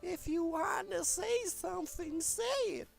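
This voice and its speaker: A man voicing a small, moody schoolgirl with a sour temper in a harsh, snappy falsetto. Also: unhurried, gravelly, faint music behind, heavily acted. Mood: snappish.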